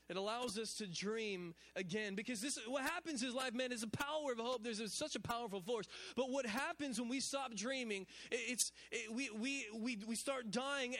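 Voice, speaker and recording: High-pitched guy preaching, lots of repeats and restarts, gets the crowd going. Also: no echo. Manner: repetitive preaching with stammered restarts and call-and-response; animated, builds to shouted exclamations. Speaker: pastor. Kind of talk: sermon.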